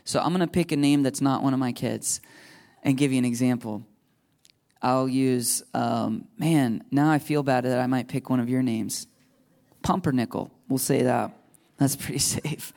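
A man's voice: mid-range voice, normal speed, gravelly, a little mellow. A man preaching a sermon to a live congregation in a loose, conversational way, joking and laughing at himself between points.

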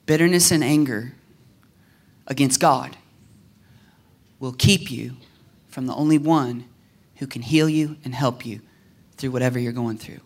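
A man preaching a sermon in an animated way, acting out prayers and quotes, at times dropping to a hushed near-whisper. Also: a little slow, pauses often. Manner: animated, acts out prayers and quotes with swings in pitch and loudness. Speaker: pastor.

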